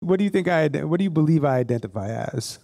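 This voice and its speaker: A man leads a live group session, talking animatedly and bluntly. His voice sits a touch high, with a mellow, warm timbre. The sound carries long hall reverb from the event space. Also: fast, vocal fry. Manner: animated, blunt storytelling with swearing.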